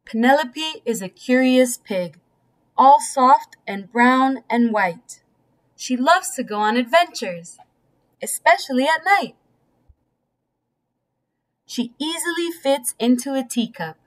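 A woman reading a bedtime story aloud in a gentle, storytelling manner. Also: high voice, expressive, slow, long pauses. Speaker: storybook reader.

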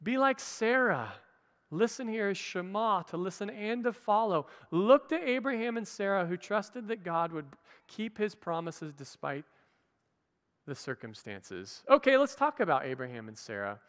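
A man's voice: high-pitched, sing-song, normal speed, a bit bright. A man preaching a sermon as pastor, teaching conversationally with playful asides to the congregation. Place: church hall. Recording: church livestream with long reverb.

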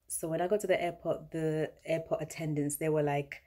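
A woman's voice: low voice, steady tone, quick pace, hardly any pauses, warm tone. Chatty Ugandan-born woman, London accent. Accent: British, South London. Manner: chatty, playful, laughs often. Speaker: vlogger. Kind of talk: casual vlog chat.

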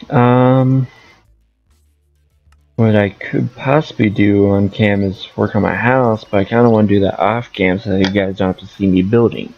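Gravelly low-voiced man rambling through gameplay. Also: unhurried, darkish tone, dull audio, faint music behind. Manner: rambling, thinking aloud. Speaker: gaming streamer. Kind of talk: casual gameplay commentary.

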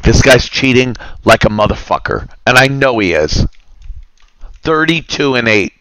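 Male streamer ranting over gameplay, slow and gravelly, bright edge, muttering curses. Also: mid-range voice, lively intonation, dry recording. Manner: grumbling, profane, muttering asides. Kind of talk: casual rant while gaming.

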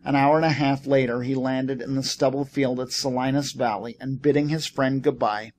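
A man narrating a novel as an audiobook reader. His delivery is steady and even, at an ordinary middle pitch. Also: normal speed, a little hiss or hum. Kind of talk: scripted narration.

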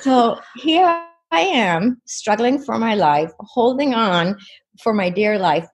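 A woman's voice: on the high side, lively intonation, slow pace. A woman guest in an interview, earnestly retelling a personal experience with many "you know"s. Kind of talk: personal storytelling.

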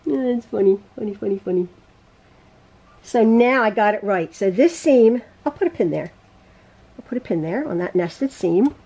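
A woman teaching a quilting lesson in her home sewing room, chatty and quick to laugh at and correct her own mistakes. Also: on the high side, animated, dark tone. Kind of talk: casual sewing tutorial.

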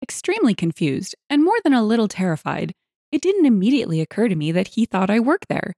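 Lively woman telling stories. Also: mid-range voice, fast talker, dry recording, studio quality. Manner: lively, expressive storytelling with acted quotes. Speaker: story narrator. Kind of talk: reading internet stories aloud.

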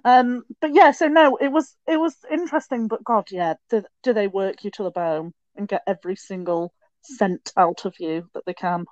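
A young woman telling stories in a casual podcast chat, with quick asides and restarts. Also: medium pitch, a little mellow, no room sound, lo-fi sound. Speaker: podcast guest.

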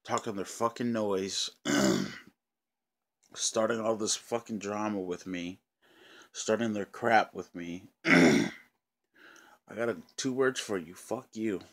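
A man with a somewhat low voice delivers an angry vlog rant to his channel's viewers. He swears constantly, circles back to the same points, and often pauses to clear his throat. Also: animated. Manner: profane, repetitive, frequent throat-clearing. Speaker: channel owner.

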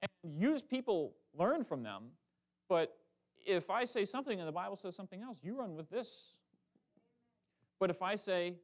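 A man delivers a sermon in a church, his voice sitting a little high for a man. He speaks, keeping it conversational and lively, full of quick asides and self-corrections as he talks to the congregation. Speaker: preacher. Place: church sanctuary.

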